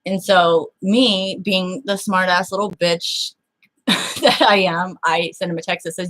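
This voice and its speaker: A woman's voice: fairly low pitch, a little slow. A woman telling a personal story in casual chat, blunt and freely profane, acting out the people she quotes. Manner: animated, acts out the people in her story.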